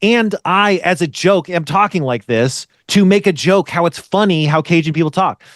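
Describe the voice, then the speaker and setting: A male podcast host rants in loose, rambling casual chat, peppered with swearing. His voice sits high for a man, and the recording is dry and close, with no room sound. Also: moderate pace, dry recording. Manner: rambling, profane, ranting.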